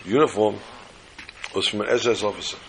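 Gravelly-voiced man telling a story. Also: fairly low pitch, fairly even intonation, fast, very noisy. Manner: dramatic, repetitive storytelling. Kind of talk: religious storytelling.

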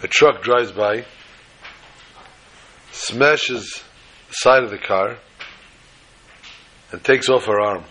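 Rabbi giving a torah class, bright voice, gets loud and animated, acts out the stories. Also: male voice, lowish voice, takes it slowly, pauses often. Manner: animated, acts out quotes, rising to loud exclamations. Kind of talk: Torah lesson with told stories.

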